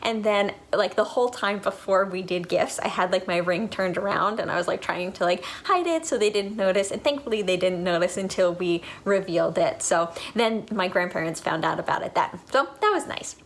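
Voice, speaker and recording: A woman's voice: medium pitch, a little fast, few pauses, slight background noise. A woman in her twenties, a vlogger telling a story to camera in a chatty way, full of "like" fillers.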